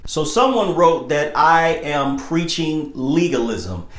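An American preacher giving an informal sermon, firing off rhetorical questions and swinging between quiet, low asides and loud, high exclamations. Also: lively intonation, slow pace, heavy background noise. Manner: emphatic, fires rhetorical questions. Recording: roomy, echoey recording.

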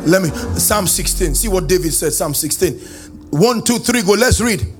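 A male pastor preaching a church sermon, calling the congregation to repeat after him and swinging from a sing-song lilt into shouting. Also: high-pitched, lively intonation, moderate pace, over music. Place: church service.

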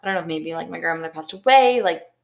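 A woman's voice: fairly low pitch, fast, creaky. A young woman co-hosting a podcast, telling a long story in a rambling way with lots of "like". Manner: rambling storytelling, heavy use of "like". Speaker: podcast co-host. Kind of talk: casual chat.

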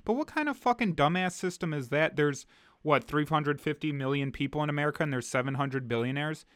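A man's voice: on the high side, brisk, a bit bright, smooth, no room sound. Earnest man on a dry mic. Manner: earnest, frustrated, hesitant restarts. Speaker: podcast co-host. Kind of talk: casual podcast chat.

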